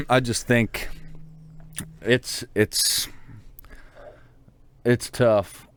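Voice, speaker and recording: A man co-hosting a hunting talk show, swearing freely as he tells a heated story and jumps up in pitch when he quotes the shouting. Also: very animated, drawn-out words. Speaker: hunting podcast co-host. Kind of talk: casual chat.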